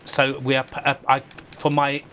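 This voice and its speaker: A woman's voice: a bass voice, monotone, normal speed, a bit bright, slight background noise. A woman giving casual live-stream commentary on games, sardonic and sweary, often laughing. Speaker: game streamer.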